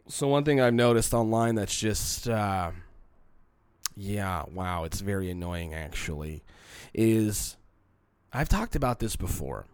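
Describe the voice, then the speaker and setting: A young podcast host, sick with a cold, coughs and sounds congested as he rambles on his own show, candid, profane and emotional. His voice is on the low side with a darkish tone, recorded without room sound.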